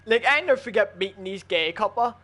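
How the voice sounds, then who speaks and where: A man's voice: high-pitched, lively intonation, brisk, bright, forceful tone. A man in a casual chat while gaming with friends, arguing heatedly and swearing a lot. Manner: heated, profane, argumentative.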